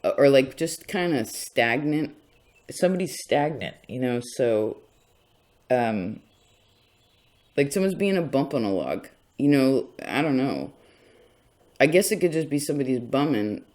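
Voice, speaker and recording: A man's voice: mid-range voice, animated, measured pace, long pauses, darkish tone. A man giving a casual tarot reading in a rambling, chatty way, often stopping himself mid-thought. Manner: rambling, chatty, self-interrupting. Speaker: tarot reader.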